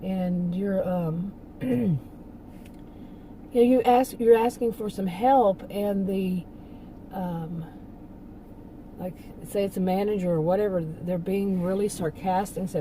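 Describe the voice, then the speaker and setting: A woman's voice: medium pitch, slow, pauses often, dark tone, slight background noise, low-quality recording. A woman talking casually in a rambling monologue, laughing often and restarting her sentences. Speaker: channel host.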